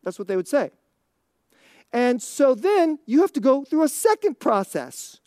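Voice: sits high, very animated, measured pace, a little mellow, no echo, clean studio sound. A pastor preaching a sermon in a conversational, emphatic way, often laughing and asking the congregation rhetorical questions. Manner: asks the audience rhetorical questions.

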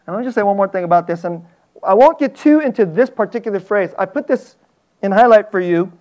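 Earnest, animated male pastor preaching. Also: high-pitched, fast. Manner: earnest, animated, laughs often, stammers. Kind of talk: sermon.

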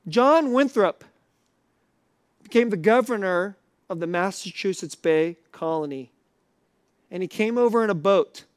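A man's voice: high voice, expressive, a little slow, pauses often, no room sound, clean studio sound. A man preaching a sermon to a live audience in a conversational, questioning way.

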